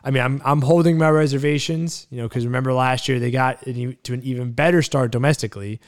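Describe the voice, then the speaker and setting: Smooth-voiced man musing in casual chat. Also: medium pitch, steady tone, fast. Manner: thinking aloud, restarts, searching for words. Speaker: podcast co-host.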